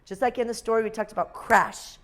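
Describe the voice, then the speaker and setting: A woman's voice: on the high side, fairly even intonation, fairly quick. A woman teacher leading a classroom phonics lesson for young children, sounding out letter blends and reading them a story.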